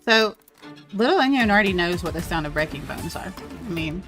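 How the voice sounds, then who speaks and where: A woman player talks through her character's sneaky moves at a tabletop game, pausing to think as she goes. Her voice sits on the lower side for a woman. Soft music hums in the background. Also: animated. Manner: thinking aloud, hesitant.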